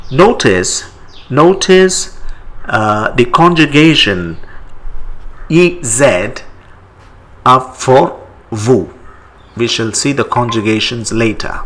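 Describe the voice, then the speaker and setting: Brief: patient male language teacher, mid-pitched voice, unhurried, repeats every phrase. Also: animated, a bit bright, rough recording. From India. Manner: slow, repeats each French phrase twice. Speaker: French teacher. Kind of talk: slow language lesson.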